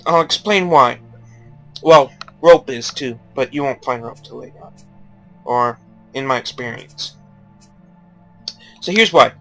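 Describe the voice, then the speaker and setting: A man's voice: fairly high pitch, a bit bright. A young man giving casual, rambling game commentary, joking and swearing freely. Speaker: gaming YouTuber.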